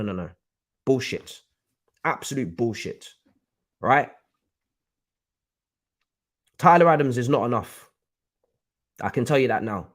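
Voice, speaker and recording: A man rants on a live stream about his football club. His voice sits at an ordinary pitch, and he swears freely and hammers the same points again and again. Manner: angry, swearing, repeats himself. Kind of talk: heated live-stream rant.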